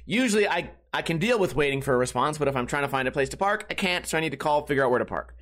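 A young man hosts a podcast in a casual comedic monologue, rambling through stories and swearing freely. His voice sits high and sounds bright and sharp. He shouts when he acts out his own panic. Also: animated, very fast. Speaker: podcast host.

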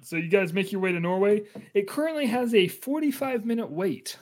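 Giggly game master with a lively voice. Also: mid-range voice. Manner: giggly, quick narration. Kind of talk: narrating a tabletop game.

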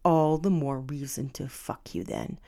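A domineering alpha pirate man speaks in a low, unhurried, threatening voice, sometimes dropping to a half whisper, as a woman narrator voices him. He sounds like a captor from a romance audiobook. The delivery is slow and deliberate. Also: sing-song, vocal fry, warm tone, heavily acted. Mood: menacing.

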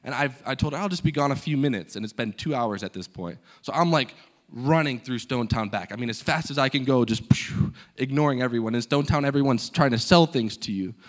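A man's voice: mid-range voice, brisk. Man telling a story from the pulpit. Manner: animated storyteller acting out dialogue. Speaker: guest speaker at a church. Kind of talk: sermon storytelling. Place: church stage.

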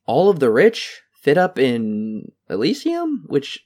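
A man co-hosting a podcast, chatting casually about a movie and mocking scenes with quick put-on voices. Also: mid-range voice, huge pitch swings, darkish tone. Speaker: podcast co-host. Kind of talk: casual movie review chat.

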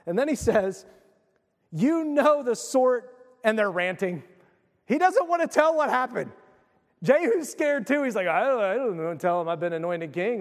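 A man preaching a sermon, retelling a Bible story with animated, casual acted-out voices. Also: high-pitched, big-room sound. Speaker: pastor.

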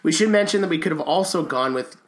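A man co-hosting a podcast, talking casually in a hoarse, raspy, nasal voice from the flu, laid-back and swearing now and then. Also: on the high side, expressive, fast talker. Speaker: podcast co-host. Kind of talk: casual chat.

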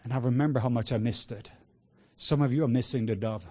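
Male preacher, sermon, impassioned, hushed then loud, average pitch. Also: quick pace. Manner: impassioned, swinging between hushed and loud exclamations; sprinkles in laughter and cries of "whoa".

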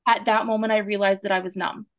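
A woman in her twenties from Canada recounts her own ordeal as a podcast guest. She speaks earnestly and with feeling, acting out the lines of everyone in the story. Her voice sits at a middle pitch and the recording is dry and close. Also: level tone, fast talker, no echo. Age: 20s. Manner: earnest, emotional retelling with quoted dialogue. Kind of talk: personal story in an interview.

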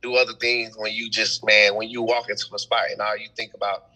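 A young man telling stories in a casual podcast chat, animated and full of slang. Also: lowish voice, brisk, slightly rough, poor audio. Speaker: event host and promoter.

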